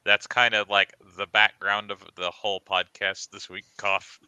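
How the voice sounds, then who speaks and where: A man's voice: fairly low pitch, level tone, a little slow, pushed and bright, clean tone, no echo, highs cut off. A man co-hosting a podcast in casual chat, opinionated and sarcastic. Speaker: podcast co-host.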